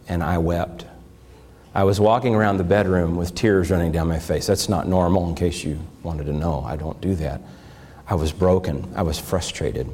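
Older man, pastor, sermon, impassioned, fairly low voice, pleading then hushed. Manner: impassioned, swinging from raised pleading to hushed confession.

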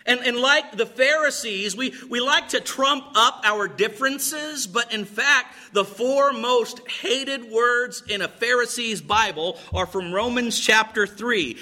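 A man's voice: very high-pitched, slow pace, hardly any pauses. A man preaching a sermon, telling stories dramatically and repeating words as he starts phrases. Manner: dramatic storytelling, swings between loud and hushed. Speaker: pastor.

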